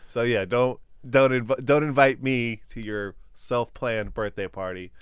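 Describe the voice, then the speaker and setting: Sarcastic male co-host, smooth, crisp voice, dry close sound. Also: medium pitch, steady tone, measured pace, no echo. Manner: sarcastic, exaggerated disgust. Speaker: podcast co-host. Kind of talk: casual comedic chat.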